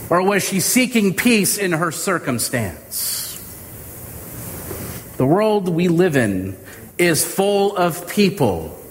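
Slow, earnest male preacher in a hall. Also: high-pitched, a little hiss or hum. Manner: earnest, drawn-out emphasis. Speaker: pastor. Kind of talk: sermon. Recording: reverberant hall with faint ambience.

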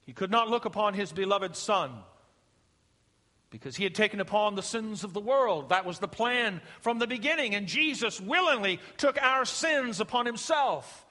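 Bright-voiced preaching man in a reverberant hall. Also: sits high, animated, moderate pace. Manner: emphatic preaching, rising and dropping to a hush. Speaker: pastor. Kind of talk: sermon.

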